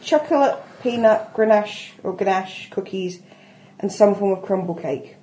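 A woman's voice: medium pitch, warm tone. Teasing woman at a game table. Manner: teasing, quick banter. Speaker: player. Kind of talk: casual chat during a tabletop game. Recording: echoey room with faint noise.

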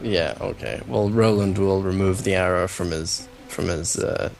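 A man playing a tabletop game, talking hesitantly with many pauses. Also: low voice, creaky, darkish tone. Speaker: player. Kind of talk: casual tabletop game play.

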